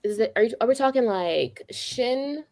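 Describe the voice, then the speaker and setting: A woman player in a tabletop game, playful and quick to laugh. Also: a little high, expressive, darkish tone.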